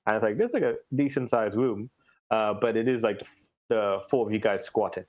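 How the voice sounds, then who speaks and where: A man's voice: on the low side, fairly quick. A man narrating a tabletop game as game master, rambling with many fillers. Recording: dull lo-fi stream audio.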